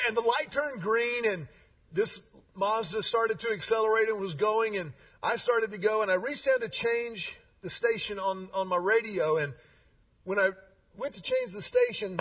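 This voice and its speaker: A man, a pastor telling stories in a lively, conversational sermon with asides. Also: high-pitched. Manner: animated, conversational, with restarts and asides. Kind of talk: sermon storytelling. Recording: slightly distant, dull sound.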